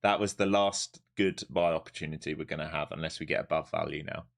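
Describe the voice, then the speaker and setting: A man doing live trading stream commentary, animated and swearing freely as he talks through the chart. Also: very deep voice, fairly quick, vocal fry. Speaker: live-stream day trader.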